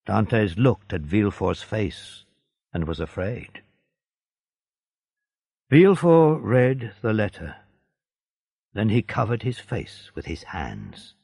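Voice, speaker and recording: Guy reading a story slow n steady, raspy, dry mic. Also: lowish voice, dry recording. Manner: measured, clear storytelling. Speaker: narrator. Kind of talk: scripted narration.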